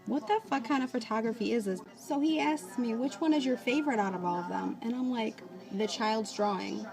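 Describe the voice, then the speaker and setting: A woman's voice: on the high side, a little fast, creaky, music in the background. Young woman vlogger, brash storyteller, profane and exasperated, recorded on a phone. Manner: profane, exasperated, acts out both sides of a chat. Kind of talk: casual storytime vlog. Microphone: phone or webcam.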